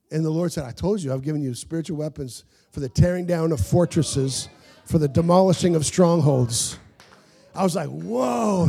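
A man preaching a sermon as pastor, telling stories with animated asides and laughs to his congregation. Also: fairly high pitch.

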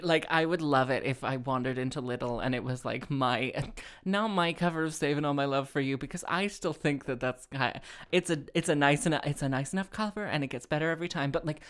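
A woman's voice: low-pitched, brisk. A woman rambling casually to her listeners, full of fillers, restarts and wry asides. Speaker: podcast host and singer.

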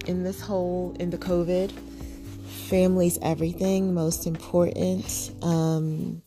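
A woman's voice: fairly low pitch, level tone, unhurried, music in the background. A woman and mother hosting a podcast, chatting casually and earnestly with frequent fillers and restarts. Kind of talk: casual chat.

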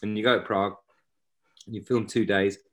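A man in his forties with a fairly low voice. He is a guest actor who rambles through casual stories, restarting his sentences as he goes. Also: steady tone, a little fast. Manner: rambling, self-interrupting, anecdotal. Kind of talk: casual interview chat.

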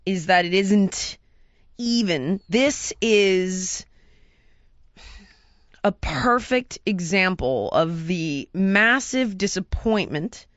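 Woman talk host, low voice, blunt and interrupting, dry muffled audio. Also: a bit bright, no room sound. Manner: blunt, brash, quick to interject. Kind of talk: casual talk show chat.

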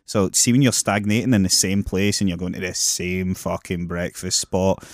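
A man co-hosting a casual podcast, excitable and sweary, full of mocking asides. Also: low-pitched, normal speed, no echo, studio quality. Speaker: podcast co-host. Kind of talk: casual drunk podcast chat.

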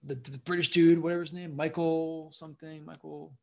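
Rambling higher-voiced comedian, chatty. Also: male voice, level tone, a little fast, gravelly. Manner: rambling, full of "you know what I mean". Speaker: comedian guest. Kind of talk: casual interview storytelling.

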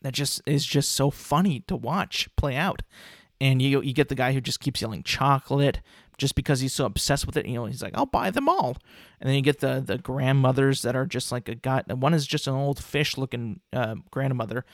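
Gravelly young man rambling casually. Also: medium pitch, fairly even intonation, fairly quick, dry recording, clean studio sound. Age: 20s. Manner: rambling, frequent restarts and filler words. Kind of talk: casual commentary on a cartoon ranking.

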